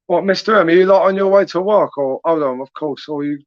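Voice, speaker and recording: A man's voice: a little high, brisk, no echo. A young southern English man hosting a late-night livestream, chatting casually and teasingly as he reads out viewers' comments. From England. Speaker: livestream host. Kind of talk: casual live chat reading comments. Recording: dry, dull lo-fi sound.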